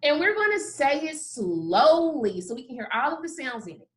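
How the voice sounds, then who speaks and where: A woman teaching a kindergarten phonics lesson, sounding out letters slowly and praising often. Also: sits high, very animated, a bit bright. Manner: slow, drawn-out sounding of letters with frequent praise. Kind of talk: phonics lesson for young children.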